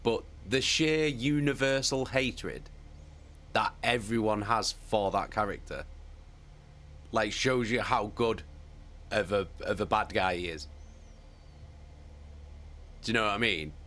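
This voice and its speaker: A man's voice: on the low side, takes it slowly, long pauses. A man hosting a casual livestream, reacting with a lot of swearing and frequent laughter. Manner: animated, sweary, laughs often. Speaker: livestream host reacting to an audiobook.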